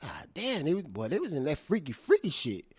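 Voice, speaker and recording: A man giving casual, profane commentary, animated and laughing, repeating phrases as he reacts. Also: a little high, fairly quick, slightly rough. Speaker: commentator reacting to court testimony.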